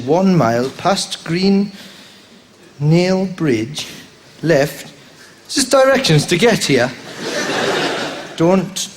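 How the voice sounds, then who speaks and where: High-voiced comic riffing with a crowd. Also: male voice. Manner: rambling, bursts into high squeals and silly voices. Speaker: stand-up comedian. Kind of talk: stand-up crowd work. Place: theatre stage. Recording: live show recording with noise behind.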